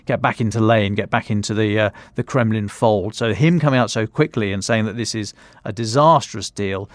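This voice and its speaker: A man's voice: on the low side, normal speed, dry recording. A man correspondent giving a conversational news analysis, thinking aloud as he talks.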